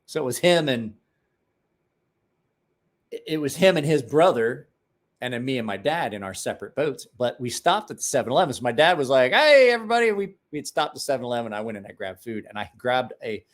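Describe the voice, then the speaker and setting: Speaking fairly quickly in a medium pitch, a worn-out Ohio livestream host in his forties spins rambling, profane, folksy yarns late at night, performing the quoted lines himself amid casual chat.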